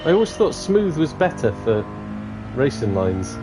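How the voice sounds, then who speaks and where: A man's voice: mid-range voice, sing-song, normal speed, over music. A man streaming a racing game, telling crude jokes and laughing often in casual chat. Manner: jokey, laughs often, says "mate". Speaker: gaming streamer.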